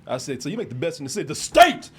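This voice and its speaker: A man hosting a podcast, telling a story in a casual, animated way, laughing often and getting loud when he quotes people. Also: on the high side, rapid-fire. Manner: animated, laughs often, shouts when quoting his brother. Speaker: podcast host.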